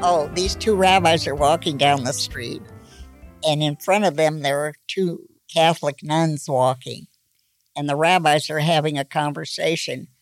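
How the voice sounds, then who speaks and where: Creaky-voiced woman in her nineties. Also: deep voice, steady tone, faint music behind. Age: 90s. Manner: slow, folksy joke delivery with voiced characters. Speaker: grandmother telling jokes. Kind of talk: casual joke telling.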